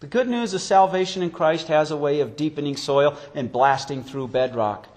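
A man with a fairly high voice preaches a sermon as pastor. He tells stories from his own life and acts out what people said. His voice rises and drops sharply. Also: normal speed, a little mellow.

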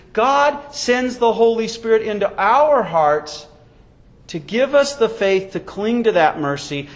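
A pastor with a high-sitting male voice preaches a sermon and then leads a closing prayer. His delivery is emphatic, with sweeping rises and falls.

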